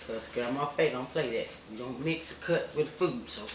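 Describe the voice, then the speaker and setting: An older grandmother talks through her home cooking in a folksy, chatty way, addressing viewers directly and checking in with them. Her voice sits at an ordinary pitch for a woman. It bounces around an echoey kitchen with loud noise behind it. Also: normal speed. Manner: folksy, chatty, keeps asking "okay?" and calls viewers y'all and baby. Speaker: home cook. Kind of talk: cooking demonstration vlog.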